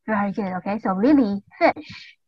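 A woman's voice: medium pitch, lively intonation, normal speed, husky. A woman leads an online class for children, drilling simple words in a patient, encouraging voice and spelling them out carefully. Her audio comes through a dull, slightly lo-fi video call. The sound is dry, with no room echo. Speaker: English teacher for young learners.

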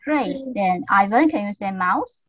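A woman's voice: mid-range voice, expressive, unhurried. A woman leads an online class for children, drilling simple words in a patient, encouraging voice and spelling them out carefully. Her audio comes through a dull, slightly lo-fi video call. The sound is dry, with no room echo. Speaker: English teacher for young learners.

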